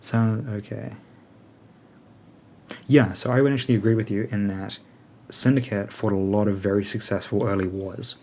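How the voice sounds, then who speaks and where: A man with a lowish voice talks through his plans in a loose, rambling way, pausing on "um" and "like" while he works out his answers. He speaks as a game alliance leader in relaxed, unscripted chat. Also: a little hiss or hum. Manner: rambling, thinks aloud with many fillers. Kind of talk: casual chat answering questions.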